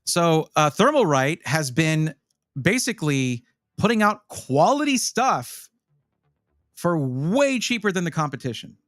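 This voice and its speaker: Guy streaming live, fairly high voice that jumps all over, rambly and chatty, dry close sound, faint music behind. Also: a little slow, dry recording. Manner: animated, rambling, talks to chat. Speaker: streamer reviewing gaming PCs. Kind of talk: casual live-stream chat.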